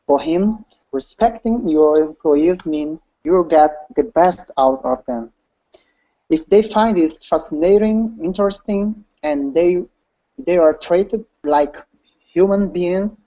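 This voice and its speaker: Very slow, halting student reading aloud. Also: mid-range voice. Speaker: English student. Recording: dull lo-fi call audio.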